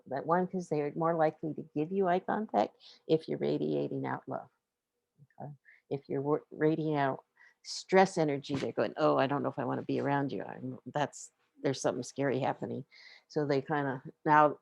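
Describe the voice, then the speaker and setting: A woman's voice: low-pitched, vocal fry, a little mellow, no echo, muffled recording. A middle-aged woman hosting a webinar on pets and emotions, talking casually and often laughing as she acts out what owners and pets might say. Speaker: webinar host on pet emotions. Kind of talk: informal webinar talk.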